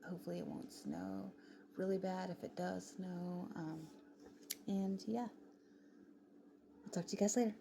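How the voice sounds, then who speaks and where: A woman with a low, gravelly voice chats casually in a late-night vlog, rambling along in a sing-song, unhurried way. She pauses often and frequently drops to a whisper, with background noise clearly audible.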